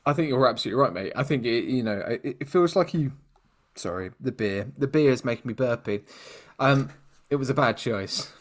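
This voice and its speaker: A man's voice: mid-range voice, animated, fairly quick. A man from the UK co-hosting a podcast in casual chat, rambling and self-mocking, often speaking to the listeners directly. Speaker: podcast co-host.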